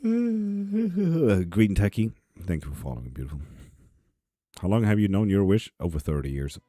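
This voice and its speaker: Male tarot streamer, very low mellow voice, sardonic and swearing, dry close sound. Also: animated, quick pace, dry recording. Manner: profane, sarcastic, laughs often. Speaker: live tarot reader and stream host. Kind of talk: casual live-stream chat, reading comments aloud. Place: apartment.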